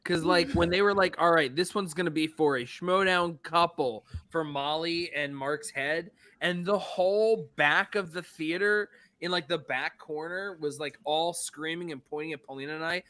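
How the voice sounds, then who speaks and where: A man's voice: a little high, steady tone, moderate pace, few pauses, pushed and bright, no room sound. A man co-hosting a casual show, talking in a loose, rambling way and swearing now and then. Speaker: podcast co-host. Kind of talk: casual chat.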